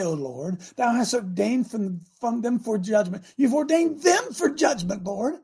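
A man hosting a preaching broadcast, reading scripture aloud and breaking into fiery, animated asides. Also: very high voice, normal speed, hardly any pauses, slightly rough. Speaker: radio preacher host.

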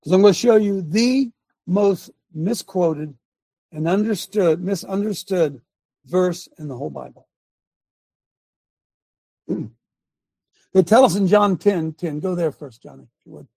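A man's voice: high voice, measured pace, gravelly, long pauses, dark tone, dry recording. A man hosting a live show, talking emphatically like a preacher and calling out instructions to his producer. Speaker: host.

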